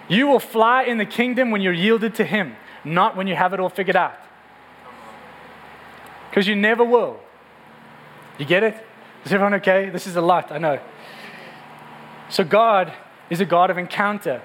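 A man's voice: sits high, normal speed, pauses often, a bit bright, slight background noise, low-quality recording. A male pastor giving a sermon to a congregation in a room, in an earnest, conversational way that often repeats words.

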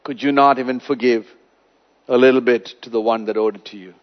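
A man's voice: steady tone, in a large hall, close to an everyday voice. A preacher voicing a stern, wrathful king. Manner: slow, heavy, low condemnation. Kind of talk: sermon retelling. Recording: dull lo-fi recording.

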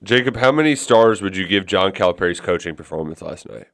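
Deep-voiced wry sports co-host. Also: male voice, expressive, a little fast, a bit bright. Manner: wry, teasing asides. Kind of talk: casual sports podcast chat.

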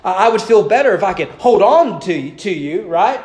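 Guy preaching in church, high voice, bounces all over the place, lots of "right?" questions. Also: normal speed. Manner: animated preaching with rhetorical questions and repeated words. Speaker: pastor. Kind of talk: sermon. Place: church sanctuary.

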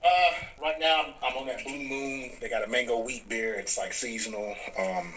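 A man chatting casually on a podcast, laughing and swearing while he tells animated stories. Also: mid-range voice, moderate pace, slight background noise, poor audio. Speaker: podcast guest. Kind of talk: casual chat.

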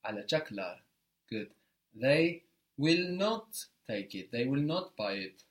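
A man's voice: mid-range voice, sing-song, slow. A man teaching a spoken language lesson, patiently explaining step by step and encouraging his student.

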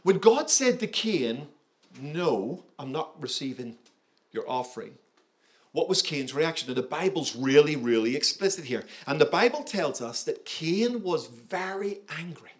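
Emphatic preacher, man, slightly high voice. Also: sing-song, moderate pace, few pauses. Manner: emphatic, engaging, asks the audience questions. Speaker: pastor. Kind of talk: sermon.

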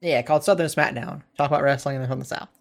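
A man's voice: mid-range voice, steady tone, fast, gravelly. A man co-hosting a podcast in casual chat, laid-back and teasing. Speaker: podcast co-host.

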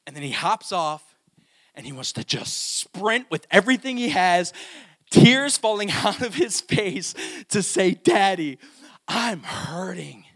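A male pastor with a fairly high voice delivers a personal sermon. He moves between hushed, tender lines and loud, pleading peaks. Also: expressive, measured pace.

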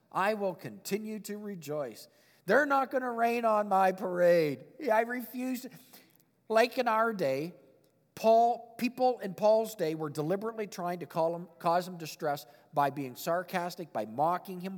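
A male pastor preaches a sermon with an expressive delivery, reading scripture and commenting on it. His voice sits high for a man. The sound carries a long reverb, like a large sanctuary. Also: a little slow. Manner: expressive preaching, reads scripture, chuckles at his own points.

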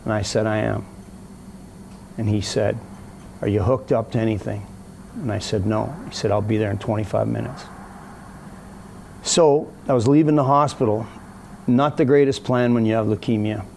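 A man with a gravelly, mellow voice tells a story in a casual interview, faint background noise behind him. He is animated and mimics the people he quotes. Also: on the low side, normal speed, pauses often. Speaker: guest telling a story.

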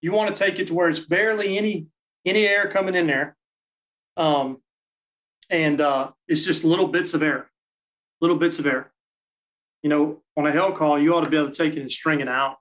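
A man, a guest call maker, explaining his technique step by step in a relaxed, practical way. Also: on the high side, fairly quick, long pauses, rough recording.

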